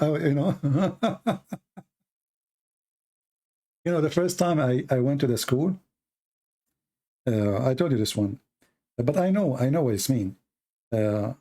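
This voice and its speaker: A man whose first language is Arabic tells stories and argues in broken English, animated and laughing. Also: medium pitch. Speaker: host. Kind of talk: casual storytelling and polemic.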